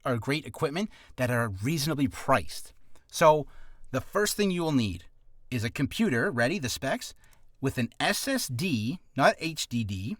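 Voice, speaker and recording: Animated rambling man, dry close sound. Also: mid-range voice, dry recording. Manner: rambling, self-correcting, animated. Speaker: aspiring voice actor. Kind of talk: casual vlog tutorial.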